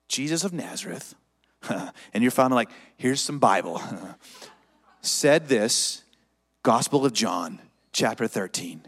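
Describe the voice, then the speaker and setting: A man's voice: mid-range voice, expressive, takes it slowly, long pauses, fairly bright tone, long reverb tail. A man pastor preaching a sermon, dynamic and leading the congregation in call-and-response.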